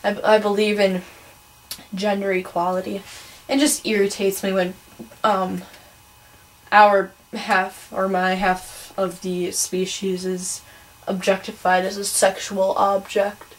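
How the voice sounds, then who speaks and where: A woman's voice: mid-range voice, flat delivery, takes it slowly, rough recording. A teenage girl from Wisconsin with a Midwestern American accent, ranting casually in a vlog, chatty and opinionated with lots of ums. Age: teens. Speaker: vlogger.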